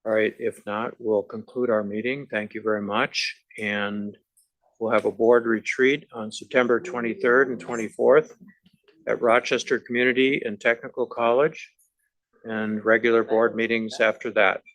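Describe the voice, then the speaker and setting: Gravelly low-voiced man chairing a meeting. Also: moderate pace, no echo, rough recording. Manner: relaxed, procedural. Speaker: board chair.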